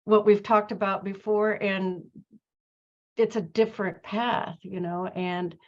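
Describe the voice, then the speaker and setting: A woman's voice: medium pitch, steady tone, slow, a little mellow. Reflective woman host, slightly muffled. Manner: reflective, storytelling with many fillers and restarts. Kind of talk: conversational interview chat.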